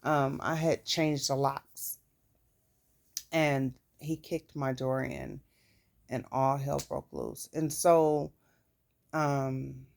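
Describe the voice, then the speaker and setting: A woman's voice: rumbling low, lively intonation, extremely slow, gravelly, pauses often, a little mellow. A woman recounting her own life story in a candid, plain-spoken way, with casual swearing. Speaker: vlogger. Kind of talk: personal storytelling.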